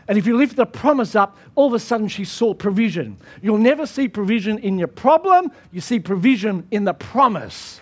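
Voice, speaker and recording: A man's voice: very high-pitched, animated, moderate pace, few pauses. A man pastor preaching a sermon in an emphatic style, often repeating his phrases.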